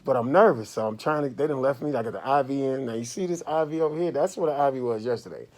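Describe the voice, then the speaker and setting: A man vlogging from a hospital bed, telling a casual, animated story to his viewers. His voice swings from low murmurs to loud outbursts. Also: fast talker. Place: hospital room.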